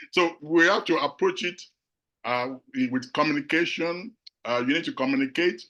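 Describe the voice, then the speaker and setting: A middle-aged man from Nigeria with a Nigerian accent, giving a measured, reflective talk to an audience as a panel speaker, pausing often on fillers. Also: fairly high pitch, bright, forceful tone, poor audio. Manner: measured, with frequent filler pauses.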